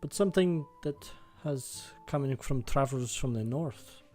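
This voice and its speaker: A man's voice: medium pitch, unhurried, a little mellow, soft background music, pitched above the performer's own voice, lightly acted. A man voicing a busy, friendly male innkeeper who talks politely and a little formally. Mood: curious.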